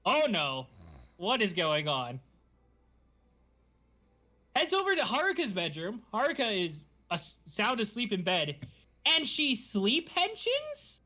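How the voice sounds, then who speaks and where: A man hosting a podcast, recapping a show in animated, giggly casual chat. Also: sits high, a little slow, long pauses. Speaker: podcast host.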